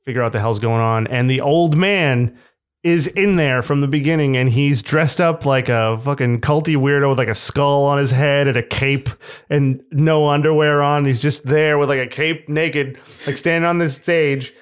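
A man's voice: medium pitch, moderate pace, clear, resonant tone. A young man co-hosting a podcast, retelling a film plot in casual chat, laughing often and swearing freely. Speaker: podcast co-host.

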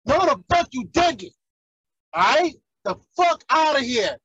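A man's voice: extremely high pitch, big pitch swings, unhurried, a bit bright, no echo, dull audio. A man, ranting heatedly and profanely in casual chat as a podcast co-host.

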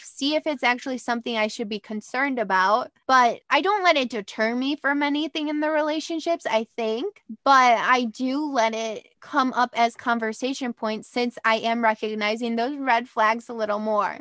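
Young woman, high voice, dry close sound, chatty, animated storyteller, casual podcast talk. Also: dry recording. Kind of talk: casual chat.

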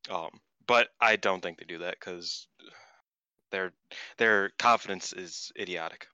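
A man co-hosting a casual podcast chat, blunt, opinionated and quick to swear. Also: deep voice, pushed and bright, clean tone, no room sound. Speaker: podcast co-host.

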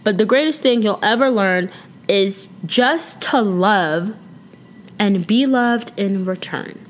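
A woman's voice: mid-range voice, slow pace. A young woman hosting a casual solo podcast, chatting playfully with slang and now and then breaking into song. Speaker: podcast host.

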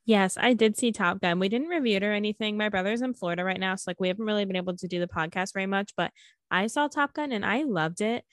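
A woman's voice: medium pitch, fast talker, no echo. A young woman guesting on a casual podcast chat, rambling and hedging with frequent laughs.

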